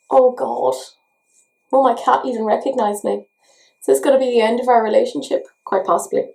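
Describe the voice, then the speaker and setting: A woman's voice: fairly high pitch, normal speed, darkish tone. An Irish woman chatting through a makeup tutorial in a chatty, self-mocking way. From Ireland. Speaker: beauty vlogger. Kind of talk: casual makeup tutorial chat.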